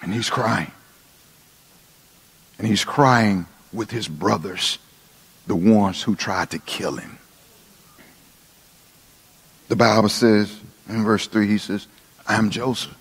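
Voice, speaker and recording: A man preaching a sermon, dramatic, dropping to hushed tones and rising again for emphasis. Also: lowish voice, slow pace, gravelly, long pauses, slightly rough. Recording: long reverb of a large hall.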